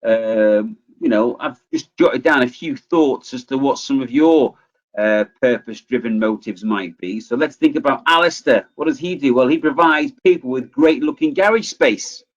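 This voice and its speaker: A man's voice: mid-range voice, moderate pace. Guy in his 40s doing a motivational webinar, chatty storyteller, kinda muffled audio. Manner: chatty, lively, acts out quoted voices. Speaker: webinar presenter. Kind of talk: motivational talk with personal storytelling.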